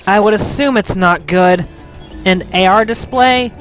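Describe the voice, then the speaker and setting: A woman giving loud, playful gaming commentary, bickering as she plays. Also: mid-range voice, unhurried, soft background music. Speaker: let's play host.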